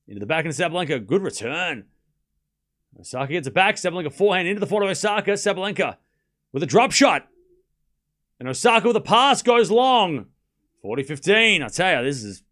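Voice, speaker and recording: A man's voice: a little high, very animated, fairly quick, long pauses, a bit bright. A young man hosting a live tennis watchalong stream, mixing play-by-play with chatty joking asides. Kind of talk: live streamed match commentary.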